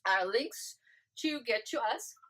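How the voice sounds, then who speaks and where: A woman's voice: on the high side, lively intonation, slow, a bit bright, slight background noise. A woman host chatting casually and enthusiastically to her viewers. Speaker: podcast host. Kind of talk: casual chat.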